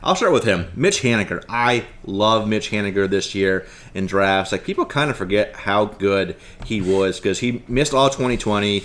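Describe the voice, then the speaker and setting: Lower-voiced male guest rattling off stats. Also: normal speed, hardly any pauses, fairly bright tone. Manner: rattles off stats, many "like" and "you know" fillers. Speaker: guest analyst. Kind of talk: casual sports chat.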